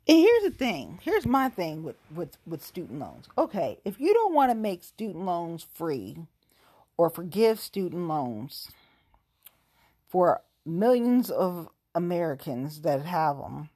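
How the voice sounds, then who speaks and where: A woman's voice: lowish voice, husky. A woman ranting casually and directly to her listeners, profane and exasperated. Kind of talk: casual rant monologue.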